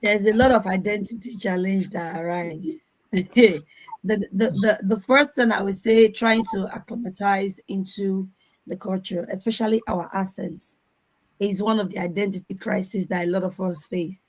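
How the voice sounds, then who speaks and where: A woman's voice: medium pitch, steady tone, normal speed, low-quality recording. Earnest woman giving advice. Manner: earnest, advising, repeats words while finding them. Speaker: conference panelist. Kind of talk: advice talk on an online panel. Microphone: video call.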